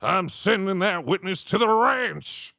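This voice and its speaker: Man doing a pompous old lawyer, gravelly, grumbly, slow, swooping pitch, hesitant. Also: animated, sharp tone, no room sound, studio quality, exaggerated voice. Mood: gruff. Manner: drawling with hesitant "uh"s and chuckles. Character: grumbly older male lawyer, pompous and evasive. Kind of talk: streamer voicing game dialogue.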